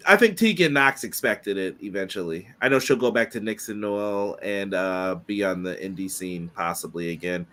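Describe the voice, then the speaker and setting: Bright-voiced man reading chat comments. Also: fairly low pitch. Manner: conversational, reads viewer comments aloud. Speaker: podcast co-host. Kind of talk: casual podcast chat.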